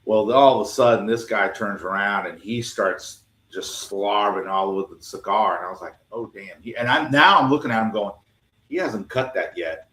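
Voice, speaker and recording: A man's voice: on the low side, normal speed. Storytelling man in an echoey room. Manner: animated, acts out dialogue in his stories. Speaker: cigar company co-owner, guest. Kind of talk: casual storytelling.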